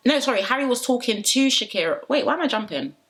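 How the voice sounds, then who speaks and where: A woman's voice: fairly high pitch, expressive, fast. A young woman giving a chatty, opinionated reality TV recap vlog, laughing often and addressing viewers directly. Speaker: reality TV reviewer. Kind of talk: casual commentary vlog.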